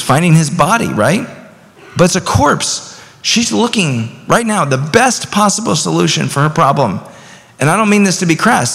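Fairly high-pitched, creaky and a bit bright, a man in his thirties preaches a sermon as pastor. His conversational delivery climbs into emphatic bursts, echoing with the long reverb of a large hall.

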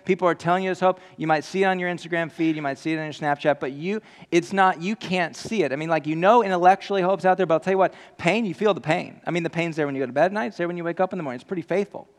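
Man, pastor, sermon, gravelly, long hall reverb. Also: a little high, rapid-fire, few pauses. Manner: animated, jokey storytelling that shifts to earnest appeals.

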